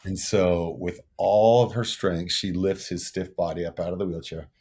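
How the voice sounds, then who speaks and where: A man's voice: sits low, steady tone, normal speed, darkish tone, breathy edge. A man in his sixties, a musician guest telling stories in an earnest, reflective way, often repeating words as he thinks. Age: 60s. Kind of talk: casual interview storytelling.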